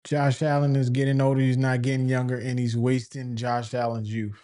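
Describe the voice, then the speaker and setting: A man in the middle of a sports opinion rant, his voice warm and mellow in tone. He sounds exasperated and keeps asking rhetorical questions, circling back over the same points. His pitch sits in an ordinary middle range. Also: little pitch movement, moderate pace. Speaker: football fan commentator.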